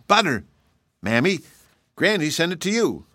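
A naive, eager little boy answers brightly and earnestly, his voice pitched well above a man's, as a man reading a storybook puts him on. He sounds sincere and simple. The recording is dry. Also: very animated, a little slow, no echo, full character voice.

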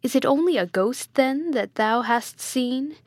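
A woman voicing an imperious, quick-tempered prince in a storybook reading, with stern and commanding delivery. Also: mid-range voice, no echo, natural voice. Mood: angry. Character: imperious hot-tempered male prince, middle-aged tyrant.

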